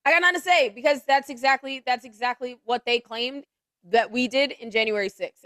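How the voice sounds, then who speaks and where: Woman co-host, blunt and emphatic, high voice, dry close sound. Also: brisk, a bit bright, no room sound. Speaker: talk show co-host. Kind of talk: casual political talk show.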